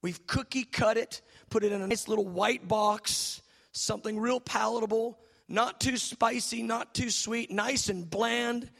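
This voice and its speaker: Pastor guy, high voice, kinda raspy, goes quiet then yells. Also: steady tone, measured pace. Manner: swings from soft musing to shouted preaching. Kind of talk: charismatic sermon.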